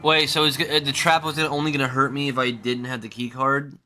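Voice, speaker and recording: A man's voice: mid-range voice, little pitch movement, brisk, sharp tone, slight background noise. A young adult man streaming a game with casual commentary, loose, joking and profane. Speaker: gaming streamer.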